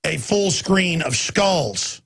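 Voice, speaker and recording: A man in his forties rants through a talk radio monologue, swinging from bursts of shouting to low, urgent tones. His voice is gravelly and husky, pitched fairly high for a man. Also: lively intonation, drawn-out words. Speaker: radio talk show host.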